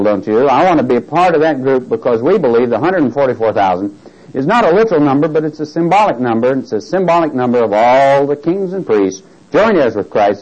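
A man's voice: medium pitch, a little mellow. Man preaching, muffled lo-fi tape, middle voice, questions to the congregation. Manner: asks the congregation questions, jokes and reads scripture aloud. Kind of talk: sermon Bible study. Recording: dull lo-fi tape recording.

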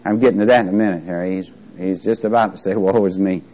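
Man, Bible class teacher, slow emphatic scripture reading, joking with the group. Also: sits low, fairly even intonation, darkish tone, muffled recording. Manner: reads scripture slowly with emphasis, jokes with class. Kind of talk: interactive Bible lesson.

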